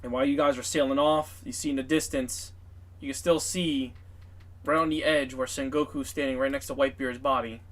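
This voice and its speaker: A man's voice: mid-range voice, fairly even intonation, fairly quick, fairly bright tone. A man narrating a tabletop game as game master, in a casual, filler-heavy, profane way.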